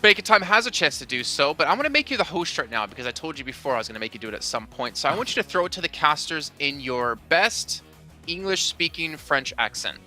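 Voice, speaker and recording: A man's voice: fairly high pitch, big pitch swings, fast talker, sharp tone, faint music behind. A man hosting an esports analyst desk, putting questions to his co-hosts. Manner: leads the talk with questions to co-hosts.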